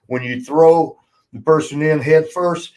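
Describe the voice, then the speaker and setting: A man's voice: fairly high pitch, a little slow, darkish tone, low-quality recording. Laughing, swearing male storyteller. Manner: laughs often, swears, acts out quoted voices. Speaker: podcast host, former wrestler. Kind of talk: casual storytelling chat.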